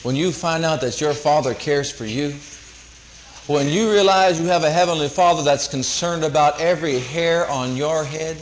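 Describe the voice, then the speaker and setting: A man's voice: on the high side, moderate pace, slight background noise, poor audio. A man preaches a sermon. He drives his points home through repetition and quoted scripture, in an emphatic manner.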